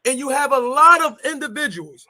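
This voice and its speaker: Podcast host guy, really high voice, reads news then throws it to the caller. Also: a little fast, a crowd in the background. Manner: reads updates, then hands over to the guest with questions. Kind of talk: podcast hosting.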